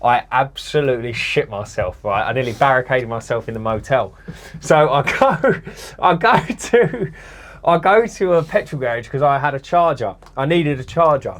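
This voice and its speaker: A man with a London accent, co-hosting a podcast in casual chat and telling animated, slangy stories. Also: medium pitch, moderate pace. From England. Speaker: podcast co-host.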